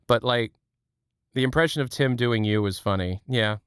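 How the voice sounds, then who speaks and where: A man's voice: mid-range voice, a bit bright, smooth, dry recording, studio quality. Rambling, joking male streamer. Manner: rambling, joking, quick asides. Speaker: livestream host. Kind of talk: casual chat with chat viewers.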